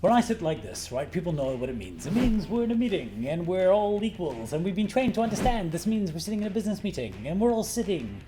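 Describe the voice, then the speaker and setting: A middle-aged man coaching on presentations in a brash, animated vlog style, swearing freely for emphasis. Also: high-pitched, quick pace, hardly any pauses. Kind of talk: energetic talking-head vlog. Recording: faint guitar music underneath.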